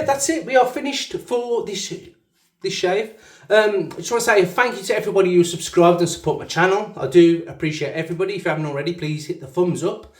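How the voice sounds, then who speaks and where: A man with a Black Country accent chatting in a rambling, self-mocking way while he shaves at a bathroom sink. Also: a little high. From English West Midlands. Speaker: shaving channel host. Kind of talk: casual chat while shaving. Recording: echoey bathroom sound.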